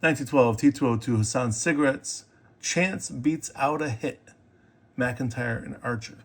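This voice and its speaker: A middle-aged man talks casually about the cards in his collection, chatty and upbeat. His voice sits at an ordinary middle pitch, and he keeps breaking in with little fillers and self-corrections. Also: moderate pace. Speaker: sports card collector and video host.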